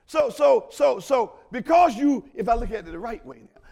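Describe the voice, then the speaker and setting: Man preaching, very animated up and down pitch, shouts then goes quiet, talks right at the crowd. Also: moderate pace, gravelly. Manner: dramatic swings from loud shouts to quiet murmurs; colloquial, talks straight to the congregation. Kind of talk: sermon.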